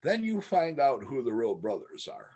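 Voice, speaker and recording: A husky, slightly breathy middle-aged man chatting on a podcast. He rambles through stories, laughs as he goes and slips into the voices of the people he quotes. His pitch sits in an ordinary male middle range. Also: sing-song, moderate pace, mellow, dull audio. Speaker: podcast guest. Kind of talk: casual storytelling chat.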